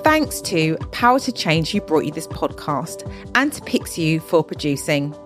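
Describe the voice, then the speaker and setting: A woman hosting a podcast, interviewing guests and reading measured scripted narration. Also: sits low, sing-song, music in the background. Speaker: podcast host.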